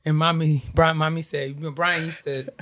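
A woman's voice: low voice, level tone. Laughing woman podcast co-host. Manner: laughing, quick family storyteller, playful apologies. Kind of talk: casual chat.

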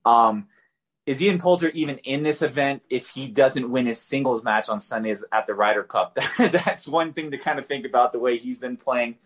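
A man's voice: mid-range voice, moderate pace. A man co-hosting a podcast, giving golf betting picks in a loose, conversational way with fillers and restarts. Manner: conversational, loose, filler-heavy, self-correcting. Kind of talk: casual betting picks talk.

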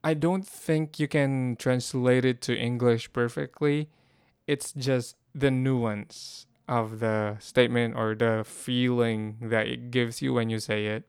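A man giving a casual spoken language lesson, explaining things haltingly with frequent restarts and fillers. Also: mid-range voice, fairly even intonation, clean tone, no room sound, clean studio sound. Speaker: language teacher.

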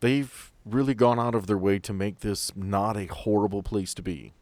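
Low-voiced man narrating a tabletop game. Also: darkish tone, dry recording. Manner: descriptive, unhurried scene-setting. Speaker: game master.

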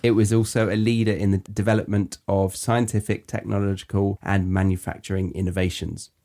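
A woman hosts the talk in a low, mellow voice. She asks curious questions and now and then reads notes aloud, keeping it casual. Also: steady tone, brisk. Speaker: podcast host. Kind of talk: casual chat.

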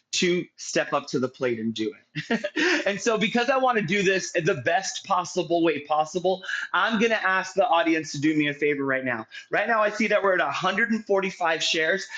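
High-voiced energetic livestream host. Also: male voice, low-quality recording. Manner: energetic, rallying viewers to share. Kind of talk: livestream interview.

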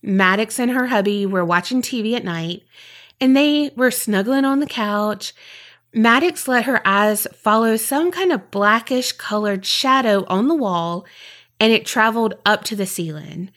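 Woman, mid-pitched podcast co-host; casual, profane storyteller. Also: fairly bright tone. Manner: chatty, profane, drops into quick voices for people in the story.

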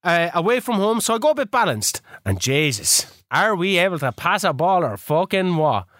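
Sweary man, higher voice. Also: normal speed, no echo. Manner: rambling, sweary, excitable storytelling. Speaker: podcast host. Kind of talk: casual gaming podcast chat.

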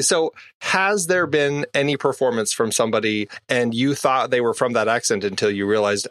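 A man's voice: mid-range voice, brisk, few pauses, a bit bright, dry recording, clean studio sound. A married man co-hosting a casual movie podcast, asking rambling questions with many fillers. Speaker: podcast co-host.

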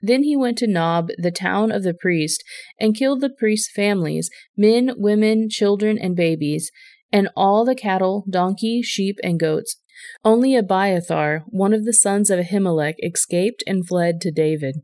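A woman reading a Bible passage aloud in a clear storytelling way. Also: mid-range voice, moderate pace, dark tone, dry recording, studio quality. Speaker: scripture reader.

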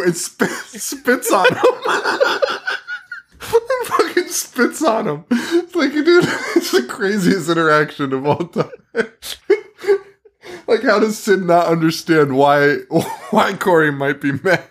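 Male co-host with a bouncy, expressive voice, profane and giggly. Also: sits high, slow. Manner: animated, laughing, swearing. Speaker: podcast co-host. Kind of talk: casual chat.

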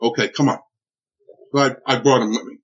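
A man recounting a personal ordeal in an interview, animated and full of restarts and acted-out quotes. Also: mid-range voice, a little fast, breathy edge. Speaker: interviewee telling a personal story. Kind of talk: emotional spoken recollection. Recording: dull lo-fi recording.

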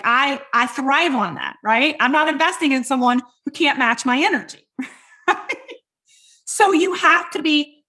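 A woman coaching listeners on sales in an energetic, loud, hyped-up teaching talk, checking in often with "right?" and "okay?". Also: high-pitched. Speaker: business coach and podcast host.

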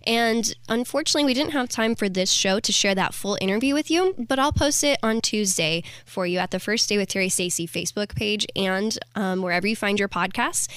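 A woman's voice: medium pitch, fairly bright tone, dry recording. A woman hosting a casual morning radio show, upbeat and chatty with a giggly manner.

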